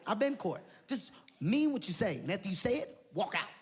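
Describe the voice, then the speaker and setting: A man doing stand-up comedy, loud and animated, shouting punchlines. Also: sits high, brisk. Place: large venue with laughing audience. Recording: live show with loud crowd and noise.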